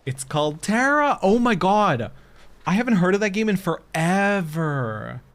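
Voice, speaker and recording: A man's voice: high-pitched, big pitch swings, a little slow, fairly bright tone. A young man streaming a game, chatting casually, joking and reacting to his chat.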